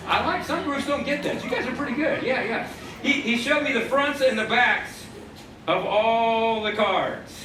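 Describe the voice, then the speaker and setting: A man's voice: very high voice, animated, slow, pauses often, crowd noise. A man performing as a stage magician, telling a story full of wry puns to a live audience. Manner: punning, wry storyteller who plays to the audience. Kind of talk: comic storytelling patter during a magic act. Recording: echoey live theater, distant mic, audience noise.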